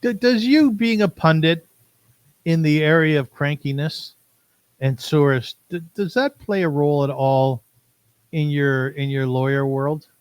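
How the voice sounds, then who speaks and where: A man's voice: on the high side, unhurried, smooth, no room sound. A man hosting an interview podcast, asking long eager questions and quoting from a book. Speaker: podcast host.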